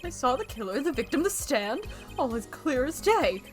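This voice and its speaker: A woman's voice: high voice, sing-song, moderate pace, faint music behind. A woman putting on a voice for a shifty male witness in a game, reading his flimsy excuses. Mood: defensive. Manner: put-on voice she calls not good.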